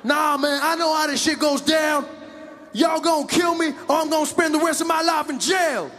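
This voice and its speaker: A man's voice: extremely high pitch, level tone, a little slow, faint music behind, voice pushed up. A man playing a stubborn barricaded suspect who refuses to come out. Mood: defiant. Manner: shouting, stubborn. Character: defiant barricaded male suspect.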